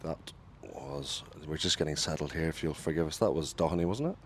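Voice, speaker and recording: A deep-voiced man calls cricket ball by ball on the radio from a commentary booth. His delivery turns lively on big shots, and he puts his own slips right as he talks. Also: brisk, slight background noise. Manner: lively ball-by-ball calling, corrects himself.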